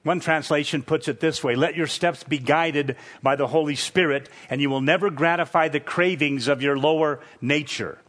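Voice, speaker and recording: A man preaching an expository sermon, teaching verse by verse in a measured, emphatic way. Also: a little high, fairly even intonation, a bit bright.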